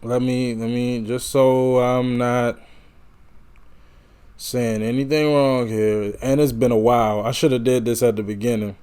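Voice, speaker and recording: A man talks slowly through his reactions, circling back and correcting himself as he thinks out loud. His voice sits at an ordinary, mid-range pitch for a man. He speaks in a casual, unhurried reaction-video style. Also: little pitch movement, smooth. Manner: musing, meandering, self-correcting.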